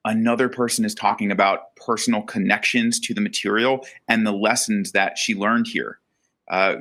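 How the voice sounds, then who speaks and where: A man hosting an educational webinar, talking in a relaxed way with lots of fillers. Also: lowish voice. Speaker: webinar host.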